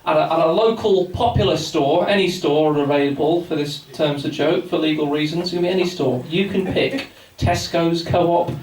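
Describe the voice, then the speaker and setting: Doing rambling, self-mocking stand-up in an echoey pub function room, an Englishman in his twenties jokes with the audience at normal speed and with few pauses. His fairly high voice has a darkish tone; the distant mic picks up slight hiss or hum along with laughter and chatter.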